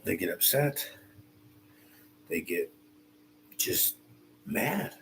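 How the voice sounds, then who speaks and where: A man's voice: low-pitched, sing-song, creaky, fairly bright tone, a little hiss or hum, rough recording. A man reading a Bible passage aloud, stopping often to add informal comments of his own. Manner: reads slowly and pauses to comment, informal asides. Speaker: Bible teacher.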